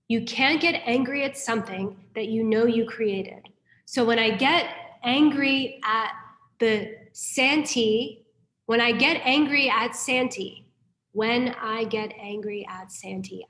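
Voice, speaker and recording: A woman teaching an online class in a chatty, self-deprecating way, repeating her key points over a video call. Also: a little high. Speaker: dharma teacher. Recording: roomy echo.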